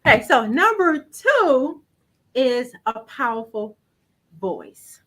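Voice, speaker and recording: A woman coach with a high, light voice speaks in a forceful, preacherly rhythm. Her pitch sits above most women's, and she leans hard on key words when she makes a point. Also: big pitch swings, slow, poor audio. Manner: emphatic, preacherly cadence with scripture. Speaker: personal branding coach. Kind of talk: inspirational coaching talk.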